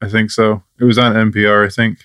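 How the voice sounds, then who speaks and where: A man co-hosting a podcast, casual and wry in a low voice. He sounds sleepy and trades dry quips. The recording is close and dry. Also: little pitch movement, fast, a bit bright, clear, resonant tone, dry recording. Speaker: podcast co-host. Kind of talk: casual chat.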